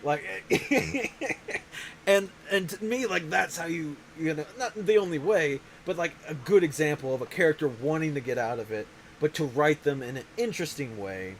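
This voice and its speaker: A man's voice: on the high side, expressive, moderate pace, a little hiss or hum, low-quality recording. A man hosting a show, talking in a casual, rambling way, often restarting his sentences. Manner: rambling, self-interrupting. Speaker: show host. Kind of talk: casual chat.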